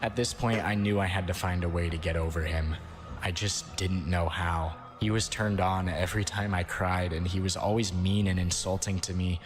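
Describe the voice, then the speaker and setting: A man narrating a first-person account in a steady, somber scripted read. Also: low voice, moderate pace. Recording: long reverb, faint background noise.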